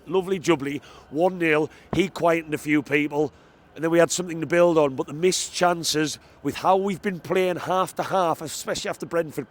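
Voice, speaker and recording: A man recording a post-match fan reaction vlog outdoors near a football stadium, talking into a handheld microphone in an excitable, chatty, emphatic way. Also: a little high, slight background noise.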